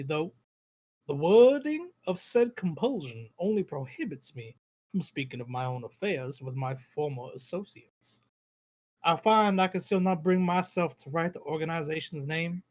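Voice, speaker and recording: A man voicing a scheming male mind-maker trapped in a stolen body, reading his letter aloud in a put-on Southern US accent with measured, formal delivery. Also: sits high.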